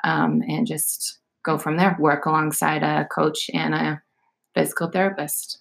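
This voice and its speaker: A woman's voice: sits low, level tone, a little slow, gravelly. A woman, a fitness coach explaining things in casual chat with many fillers.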